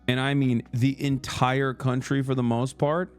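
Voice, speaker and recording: A man livestreaming in casual chat, telling stories in a profane, animated way with lots of fillers. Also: mid-range voice, measured pace, faint music behind.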